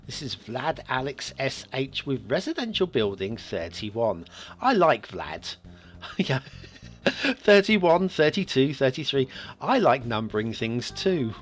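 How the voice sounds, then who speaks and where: Lively, chuckling man reviewing game maps. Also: medium pitch. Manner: rambling, chuckles often, self-mocking asides. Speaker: map review show host. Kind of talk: casual gameplay commentary.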